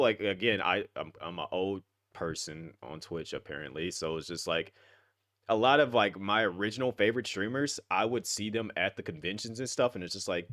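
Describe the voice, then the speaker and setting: A man hosting a casual roundtable chat, telling animated, rambling stories full of fillers. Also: on the low side. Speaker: host.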